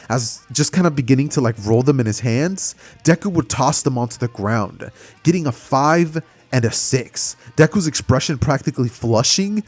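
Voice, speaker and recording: Animated male storyteller, lively pitch. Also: normal speed, breathy edge, soft background music. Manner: animated, conversational, frequent fillers. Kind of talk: casual fan-fiction storytelling.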